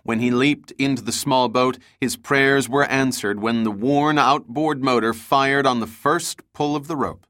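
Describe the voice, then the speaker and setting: A man narrates a thriller audiobook in a bright, forceful voice. The sound is dry and close, with no room around it. His delivery stays steady and dramatic. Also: mid-range voice, unhurried, few pauses, no room sound. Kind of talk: scripted action narration.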